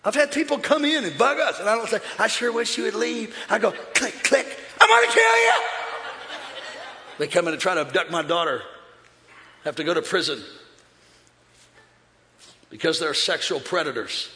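A man preaching a sermon as pastor, emphatic and shouting, with repeated refrains. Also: sits high, fairly quick, pauses often. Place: large church hall. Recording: echoey hall with music and crowd.

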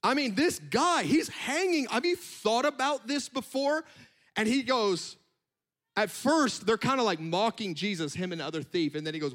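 A man delivering a sermon from the pulpit, his voice sitting high for a man. He talks in a lively, conversational way, breaking off for quick asides as he makes his points. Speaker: preacher.

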